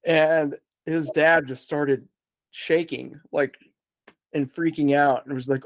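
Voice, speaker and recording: A man's voice: on the high side, steady tone, slow pace, dry recording. A man telling a story as a podcast guest in a rambling, casual way, swearing freely and laughing along.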